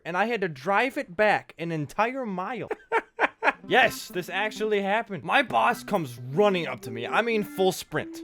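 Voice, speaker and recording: A man's voice: high voice, vocal fry, pushed and bright. A man hosting a gaming video, telling comic stories over gameplay and laughing at his own jokes. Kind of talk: joking storytelling over gameplay.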